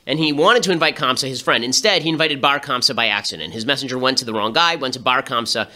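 A man hosting a podcast, delivering political commentary in a rapid, sarcastic, animated way. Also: mid-range voice. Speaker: podcast host.

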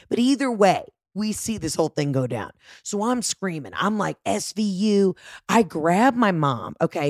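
A woman's voice: on the low side, no room sound, studio quality. Profane, frantic woman telling a story. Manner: profane, frantic, self-mocking. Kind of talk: animated storytelling in casual chat.

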